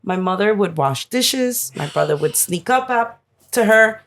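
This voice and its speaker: A woman's voice: mid-range voice, expressive, a little slow, fairly bright tone, slight background noise. A woman in her forties from Queens, speaking candidly as a podcast guest, laughing easily and swearing casually. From Flushing, Queens, New York. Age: 40s. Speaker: guest, sister of a fallen police officer.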